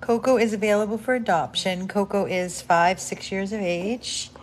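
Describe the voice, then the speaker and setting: A woman from a dog rescue talking casually at home about a dog up for adoption, chatty and fond, slipping into high baby talk. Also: steady tone, normal speed, slight background noise.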